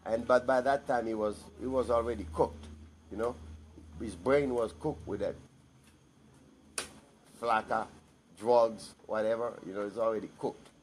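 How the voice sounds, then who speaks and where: A man's voice: lowish voice, fairly even intonation, measured pace, pauses often, a little hiss or hum. A man giving a blunt, emphatic personal monologue to camera, repeating himself for stress.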